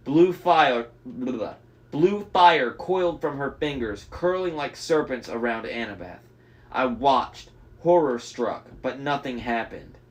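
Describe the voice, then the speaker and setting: A man's voice: medium pitch, animated, slow pace. A young man reading a novel aloud, breaking off for enthusiastic, chatty fan commentary. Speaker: audiobook reader.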